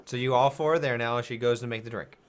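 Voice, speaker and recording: A man narrating a tabletop game as game master, playful and quick. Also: medium pitch, fairly even intonation, clean tone.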